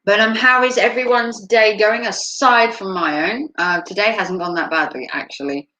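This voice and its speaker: A woman's voice: medium pitch, moderate pace, bright, forceful tone, slight background noise, poor audio. Rambling woman live streaming. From United States. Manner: rambling, chatty, frequent "um"s. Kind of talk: casual live-stream chat.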